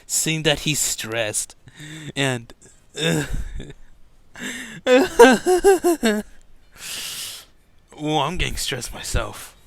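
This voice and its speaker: A man's voice: mid-range voice, vocal fry, pushed and bright, clean tone, no room sound. A man telling an improvised fan story in a casual, rambling way, stumbling and correcting himself.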